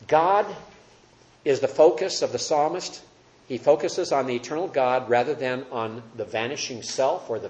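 A man's voice: mid-range voice, darkish tone, a little hiss or hum. A man teaching a Bible study class, earnest and emphatic, asking the group questions. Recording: roomy echo.

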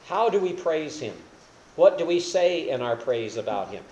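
A man's voice: mid-range voice, darkish tone, a little hiss or hum. An older man preaching a sermon as a pastor, explaining with rhetorical questions and folksy self-deprecating humor.

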